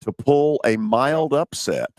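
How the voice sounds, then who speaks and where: A man's voice: medium pitch, takes it slowly, no echo, studio quality. A man hosting a sports radio show, teasing his panel and running the banter. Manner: animated, teasing, drives the banter. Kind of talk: casual sports talk.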